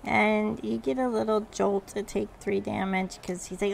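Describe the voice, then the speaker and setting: A woman running a tabletop game as game master, narrating hesitantly with many pauses. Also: mid-range voice, level tone, creaky, a little hiss or hum.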